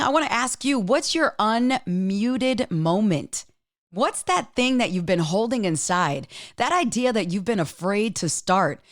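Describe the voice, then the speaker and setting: A woman with a higher-pitched voice hosts her own podcast, speaking earnestly and emphatically right to the listener in a solo motivational talk. She grows choked up with emotion. The recording is dry, with clean studio sound.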